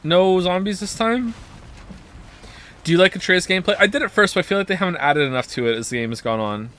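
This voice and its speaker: A man's voice: sits high, fast talker, pushed and bright, slight background noise. A man streaming a video game, making wry, sarcastic asides. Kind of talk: gameplay commentary.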